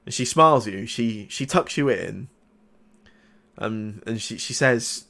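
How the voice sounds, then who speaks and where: A man acting as game master, who narrates a tabletop game in a halting way with many restarts. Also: on the low side, vocal fry, a bit bright.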